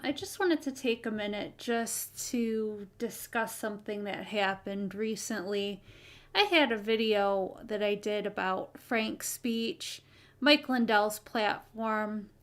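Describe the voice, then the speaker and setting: A woman hosting her own live stream, talking in an earnest, hesitant way with many pauses and fillers. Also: mid-range voice, a bit bright. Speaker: channel host.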